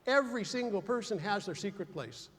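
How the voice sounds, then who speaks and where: A man's voice: high voice, brisk, in a large hall, a crowd in the background. A man giving a humorous motivational keynote to a large conference audience, acting out the dialogue in his stories. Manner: animated storytelling with acted-out dialogue. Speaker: keynote speaker. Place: large conference hall before a big audience.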